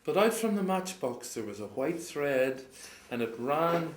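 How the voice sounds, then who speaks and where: A man spins a folk tale before a live audience, unhurried and easy. He chuckles between lines and hushes his voice for the old characters. The room is roomy and a little noisy. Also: big pitch swings. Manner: slow, chuckling, plays characters with quiet low voices. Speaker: storyteller.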